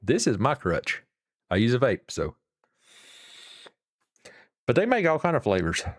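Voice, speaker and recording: A man's voice: medium pitch, wildly swooping pitch, unhurried, no echo, clean studio sound. A middle-aged man, chatting casually and rambling to his livestream viewers. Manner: rambling, folksy, swears casually. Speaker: livestream host.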